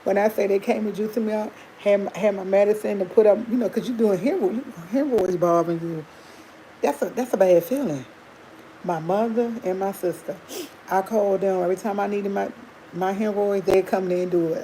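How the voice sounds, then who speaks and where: A woman's voice: medium pitch, warm tone, a little hiss or hum, poor audio. A woman hosting a livestream, chatting candidly to her viewers and laughing often as she tells a personal story. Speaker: livestream host.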